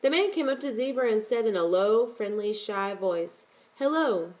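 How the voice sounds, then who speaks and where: Woman narrator for an audiobook; steady, measured reading at a middle pitch. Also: rough recording.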